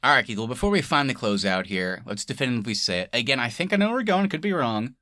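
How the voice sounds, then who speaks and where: A man's voice: medium pitch, sing-song, rapid-fire, bright, forceful tone, no room sound, studio quality. A man co-hosting a casual movie-review podcast, laughing often and swearing freely as he chats. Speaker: podcast co-host.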